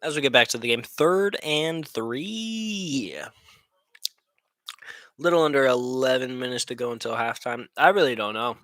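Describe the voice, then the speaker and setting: A man's voice: mid-range voice, fast talker, few pauses, pushed and bright, no echo, studio quality. A young man giving casual, rambling commentary on a live football game stream, joking and laughing often.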